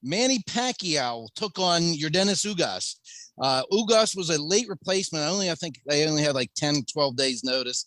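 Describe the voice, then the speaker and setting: A man's voice: a little high, normal speed, dry recording. A man co-hosting a sports podcast, recapping a fight in a casual, conversational way. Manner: conversational, steady recap with restarts. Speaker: podcast co-host.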